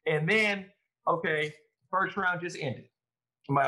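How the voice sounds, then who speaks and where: A man, a former pro football player, telling his story in a casual interview, animated and quoting his own thoughts. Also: on the high side, takes it slowly, poor audio. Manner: animated, lively retelling with quoted inner thoughts.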